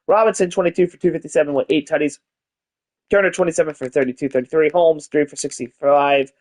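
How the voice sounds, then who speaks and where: A man with a fairly high voice gives casual commentary on a live game stream. He reads rosters and stats in a loose, tired drawl, then bursts into hyped announcer calls and cheerful swearing. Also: fairly even intonation, quick pace, a little mellow. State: tired, yawning. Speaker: gaming streamer.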